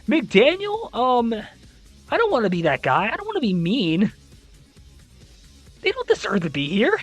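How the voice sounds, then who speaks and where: A young adult host recapping a college esports league, reading scores and ranting with exasperated disbelief and casual swearing. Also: medium pitch.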